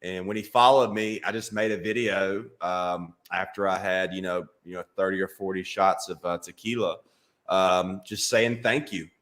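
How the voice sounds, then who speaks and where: Male comedian, Alabama drawl, lowish voice with a bright edge; dry, self-mocking storyteller. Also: moderate pace. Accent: Southern US, Alabama. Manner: deadpan self-mocking tall-tale telling. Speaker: comedian guest. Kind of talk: casual storytelling interview.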